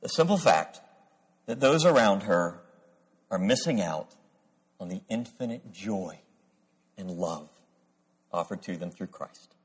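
Husky-voiced pastor preaching in a reverberant hall. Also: male voice, sits low. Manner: measured, solemn reading, then animated storytelling. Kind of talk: sermon with scripture reading and storytelling.

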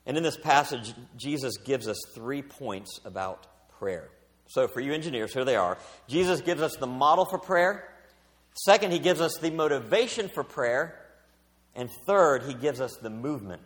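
A middle-aged male pastor delivering a sermon, with expressive preaching and big swings in pitch and volume. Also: moderate pace. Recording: long hall reverb.

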